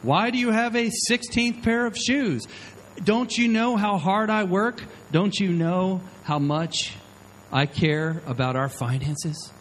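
Man doing an exasperated husband, high strained voice, complaining. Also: slow, a little hiss or hum, low-quality recording.

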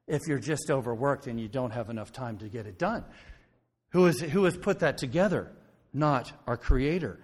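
In a church sanctuary, a male pastor preaches conversationally, often pausing to ask the congregation "okay?" His middle-pitched voice is a little mellow, and the hall adds a long reverb.

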